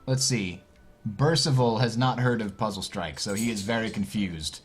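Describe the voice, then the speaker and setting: A man casting a card game tournament, thinking out loud and reacting with puzzled surprise. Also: lowish voice, moderate pace, breathy edge, soft background music. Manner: thinks aloud, puzzled and animated. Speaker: tournament commentator. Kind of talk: casual game commentary.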